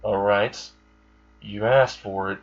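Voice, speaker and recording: A man's voice: fairly low pitch, steady tone, takes it slowly, lo-fi sound. A man doing a blunt, girlish-looking young hero.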